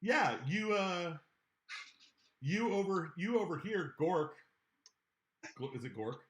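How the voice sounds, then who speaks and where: Game master guy, lively and sweary, bit high voice, echoey room. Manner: animated, swearing, quick to laugh. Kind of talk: narrating a tabletop game.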